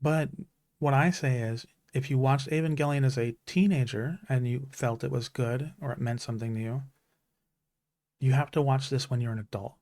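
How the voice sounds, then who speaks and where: A streamer in his thirties talks earnestly and from the heart about stories that matter to him, restarting often in casual chat. His medium-pitched, slightly mellow voice moves at normal speed, in clean studio sound with no room sound.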